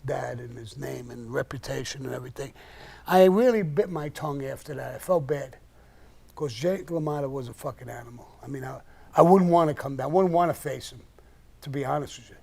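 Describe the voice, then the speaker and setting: Gravelly and darkish, his mid-range voice moves at a brisk clip. He's an older man hosting a live stream, answering questions with crude, blunt, casually told stories.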